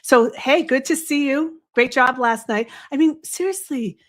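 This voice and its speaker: A woman's voice: sits high, a little slow. A woman with a Boston accent hosting a casual livestream from home, rambling and chatting with asides to her viewers. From US East Coast. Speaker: livestream host. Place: home, snowy window behind. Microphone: desk microphone.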